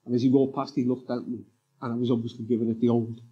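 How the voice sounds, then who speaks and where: A man's voice: mid-range voice, level tone, fast, husky, dull audio. A man, a writer and former police officer, speaking as a guest in a live on-stage interview, telling candid, rambling stories full of "you know"s. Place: live summit stage before an audience.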